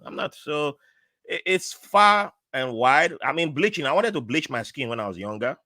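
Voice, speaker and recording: Man, Nigerian accent, podcast guest, animated storytelling, dry close sound. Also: moderate pace, no echo. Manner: animated, acts out quoted voices with big pitch jumps. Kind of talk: casual conversational storytelling.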